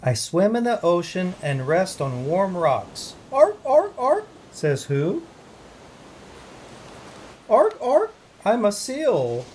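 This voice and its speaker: A storybook reader voicing a seal with high barking calls. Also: big pitch swings, slow pace, few pauses, a little mellow, slight background noise.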